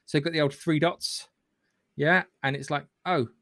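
A man's voice: a little high, steady tone, moderate pace, pushed and bright, dry recording, clean studio sound. A man hosting a podcast, retelling a film in a rambling, swearing, casual way with lots of restarts. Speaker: podcast host. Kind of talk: casual film recap chat.

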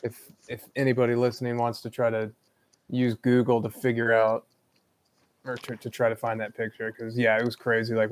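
A man co-hosting a podcast, telling a story in a laid-back, drawn-out way. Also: mid-range voice, monotone, no room sound. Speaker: podcast co-host. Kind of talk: casual podcast chat.

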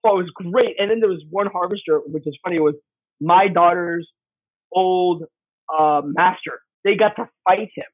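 A man's voice: high-pitched, normal speed, no echo. A middle-aged man, a game designer guest, telling stories in casual chat and acting out the voices in them. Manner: animated, acts out voices in anecdotes. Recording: husky voice over tinny phone line, dry.

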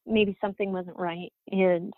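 A woman's voice: medium pitch, fairly even intonation, a little slow, no room sound. A woman in her thirties telling her personal story as an interview guest, candid, with many fillers and restarts. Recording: dry, phone-like audio.

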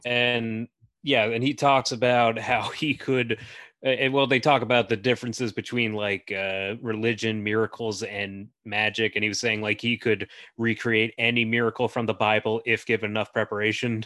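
A man's voice: on the low side, level tone, normal speed, pushed and bright, dry recording. Man, podcast host, casual film talk, filler-heavy, dry close mic. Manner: chatty, many fillers and restarts.

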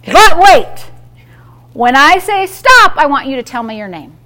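A woman pastor delivers an emphatic sermon with a very high voice. Her tone is bright and forceful as she drives each point home, calling for responses from the room. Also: sing-song, unhurried. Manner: emphatic, call-and-response preaching.

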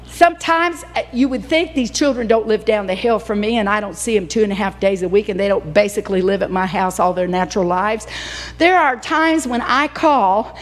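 Older woman preaching in echoey church. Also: on the high side. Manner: emotional, animated preaching with sudden whoops. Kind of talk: sermon.

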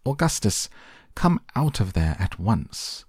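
A man voicing a shrill, furious middle-aged mother who shrieks in indignation. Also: normal speed, warm tone, slightly rough, no room sound, studio quality.

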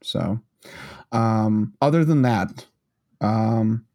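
Casual male podcast co-host, animated pitch, rambling delivery full of restarts. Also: very slow. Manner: rambling, restarts often, laughs easily. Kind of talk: casual chat.

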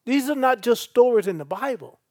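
A man's voice: extremely high pitch, expressive, moderate pace, dry recording, studio quality. A male pastor, preaching a sermon and reading scripture aloud with asides to the congregation.

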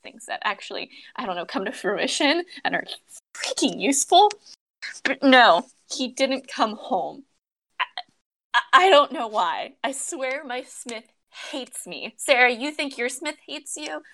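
Young woman co-host, bright higher voice, exasperated animated ranter. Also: a little slow. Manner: animated, exasperated ranting with swearing. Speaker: podcast co-host. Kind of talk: casual chat among friends about a mobile game.

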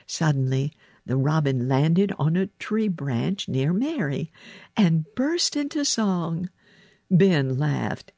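A woman reads a children's story aloud, her voice low and husky with a gravelly edge. She takes her time, and her pitch rises and falls expressively through each sentence. The recording is close and dry. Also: big pitch swings, takes it slowly, dark tone, dry recording. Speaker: narrator.

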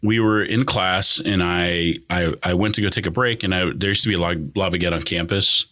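Deep-voiced man rambling through a story. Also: steady tone, a little fast, bright, forceful tone. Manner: rambling, many "like" fillers and restarts. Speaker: guest. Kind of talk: casual storytelling chat.

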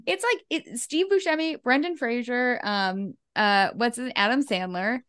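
A woman's voice: on the high side, measured pace, a bit bright, clear, resonant tone. A woman hosting a podcast in casual chat, upbeat and wry, laughing often. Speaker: podcast host.

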